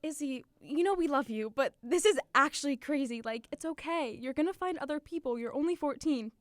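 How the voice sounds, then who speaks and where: A woman's voice: high voice, lively intonation, a little fast, no echo, studio quality. A young woman acting out her teenage girlfriends panicking and pleading with a heartbroken friend. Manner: overlapping, pleading, alarmed.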